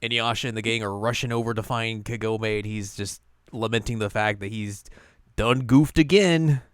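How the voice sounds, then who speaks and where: A man co-hosting a podcast, casually recapping an episode and slipping into quick character voices as he retells scenes. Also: fairly low pitch, completely flat delivery, fairly bright tone, smooth, dry recording, clean studio sound. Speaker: podcast co-host.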